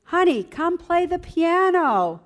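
A woman's voice: very high voice, sing-song, slow pace, pitched above the performer's own voice, exaggerated voice. A woman putting on the voice of an eager, pushy church lady who coaxes and calls her "honey". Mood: coaxing. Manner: coaxing, calls everyone honey.

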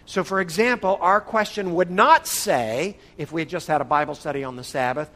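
A man's voice: a little high, moderate pace, a bit bright. A man from the northern United States teaching an interactive church Bible study session, playfully calling on listeners by name. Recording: long hall reverb.

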